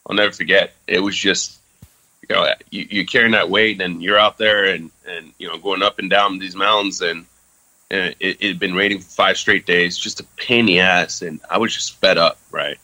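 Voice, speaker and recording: A man in his thirties, from France, with a low voice and a bright, forceful tone. He tells a story as a guest in a casual interview, candid and loose, full of fillers and casual swearing. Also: fairly even intonation, normal speed, low-quality recording.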